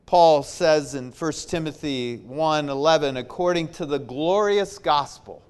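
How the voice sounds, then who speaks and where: A man preaching a sermon, slow and emphatic, repeating his key phrases. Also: fairly high pitch, smooth.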